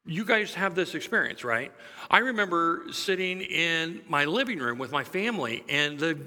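A middle-aged man preaching a sermon, telling stories in a conversational, lively way. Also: on the high side, moderate pace. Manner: conversational storytelling, lively and chuckling. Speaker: pastor. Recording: long hall reverb.

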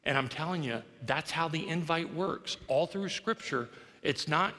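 Male pastor, middle-aged, storytelling sermon, self-mocking humor, bright tone, church hall reverb. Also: fairly high pitch, measured pace. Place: church sanctuary.

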